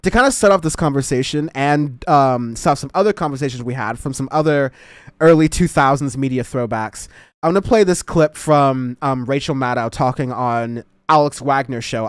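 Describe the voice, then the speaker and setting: A man's voice: medium pitch, brisk, smooth, no room sound, studio quality. A man hosting a casual political commentary show, rambling and laughing as he talks. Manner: rambling, laughing, self-interrupting. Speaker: show host.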